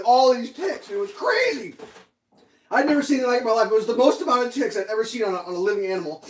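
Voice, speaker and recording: Cooking breakfast on a stream, a man rambles through dog stories in a casual, animated way, laughing at his own tales. His voice is high, with a little hiss or hum in the audio.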